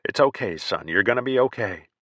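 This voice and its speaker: A man voicing a gruff Marine officer in charge, clipped and commanding. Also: sits low, steady tone, a little fast, sharp tone, dry recording, heavily acted. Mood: soothing.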